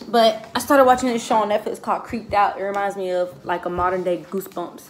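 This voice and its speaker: A woman chatting casually and telling animated stories, laughing often. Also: mid-range voice, fairly quick, a little hiss or hum. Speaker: vlogger. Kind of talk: casual chat.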